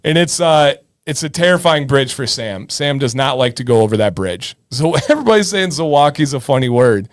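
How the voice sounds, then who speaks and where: A man's voice: medium pitch, animated, fairly quick, few pauses. A man in his thirties from Michigan, hosting a casual livestream and chatting with viewers by name. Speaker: livestream host. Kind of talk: casual livestream chat reading viewer comments.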